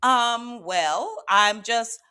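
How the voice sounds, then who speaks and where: A woman host telling a personal story with lively expression, often checking in with her listeners. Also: a little high, drawn-out words, clear, resonant tone. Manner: expressive, checks in with "okay?" and "right?", acts out her own reactions. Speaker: spiritual channel host.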